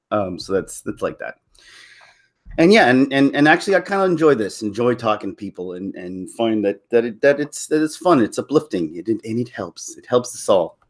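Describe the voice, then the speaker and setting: A man hosting a casual live stream, rambling and joking with frequent laughs. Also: medium pitch. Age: middle-aged. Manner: rambling, jokey, laughs often. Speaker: channel host.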